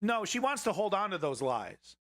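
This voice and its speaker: A young man hosts a live political news stream, speaking to his chat bluntly, profanely and confrontationally. His high voice is very animated and fairly bright at a moderate pace, recorded at studio quality with no echo.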